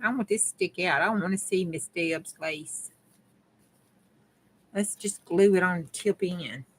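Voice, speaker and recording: This is a casual crafting vlog: a woman with a Southern US country accent talks to her viewers while working on a craft, drawling and cutting her words off as she gets going. Her voice sits fairly low and moves a little slowly. It's a low-quality recording.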